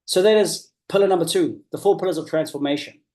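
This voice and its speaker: Brief: New man, business coach, slightly high mellow voice, earnest and emphatic. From New Zealand. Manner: earnest and emphatic, repeats key phrases, slows down to stress points. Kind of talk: motivational coaching talk.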